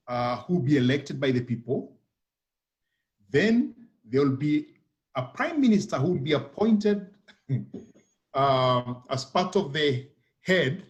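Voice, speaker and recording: This is a man with a somewhat high voice, speaking as a guest on a church television panel. He explains methodically, numbering his points and often repeating a word before moving on. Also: muffled recording. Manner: explanatory, methodical, repeats words while thinking.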